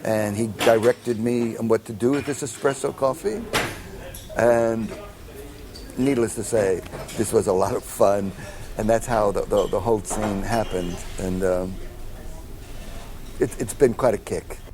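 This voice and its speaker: A man's voice: on the low side, unhurried, pauses often. An older man, a composer telling a long anecdote and acting out the people in it, with many fillers and restarts. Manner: animated storyteller acting out quoted dialogue, many fillers and restarts. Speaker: film composer. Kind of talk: anecdotal storytelling in an interview.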